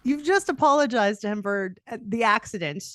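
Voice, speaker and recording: A woman's voice: medium pitch, animated, fairly quick. A woman hosting a podcast, chatting casually and summing up what her guest says. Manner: chatty, reacts and sums up. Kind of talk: casual interview chat.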